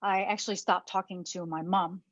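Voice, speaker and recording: A woman's voice: mid-range voice, fairly even intonation, no echo, lo-fi sound. Emotional woman holding back tears. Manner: halting, repeats words, near tears. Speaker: speaker. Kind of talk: emotional personal talk.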